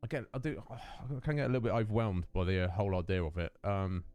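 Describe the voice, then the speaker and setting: A young man's lowish, steady, slightly mellow voice moves fast as he hosts a casual stream, with soft background music and no room sound. He rambles through his chat with viewers, loaded with fillers and self-mocking remarks.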